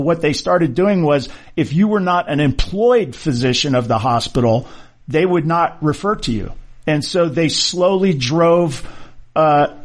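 A middle-aged man, a surgeon, talking casually and arguing his point with rhetorical questions. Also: a little high. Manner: conversational, argumentative, rhetorical questions. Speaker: orthopedic surgeon. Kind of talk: casual monologue.

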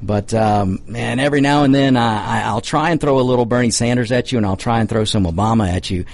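A man's voice: mid-range voice, fast, a little mellow. Male talk radio host, Southern twang, chatty monologue full of ums and false starts. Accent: American Southern. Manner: rambling, many fillers and restarts.

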